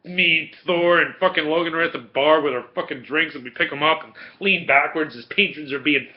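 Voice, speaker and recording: Profane, animated man in his forties. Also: on the high side, a little fast, highs cut off. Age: 40s. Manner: profane and animated, laughs often. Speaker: video Q&A host. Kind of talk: casual storytelling, answering viewer questions.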